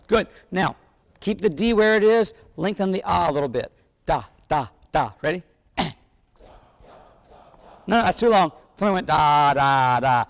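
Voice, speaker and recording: A man's voice: sits high, expressive, normal speed, gravelly, pauses often. A man leading a wind band rehearsal, energetically coaching the players and singing rhythms on syllables. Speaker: band clinician conducting a rehearsal. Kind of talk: rehearsal instruction. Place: large rehearsal hall with a band. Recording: long hall reverb.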